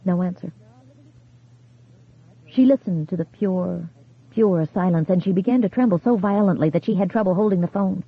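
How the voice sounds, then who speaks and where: An audiobook narrator reading a horror novel in a measured, storytelling manner. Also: medium pitch. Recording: tinny phone-like sound.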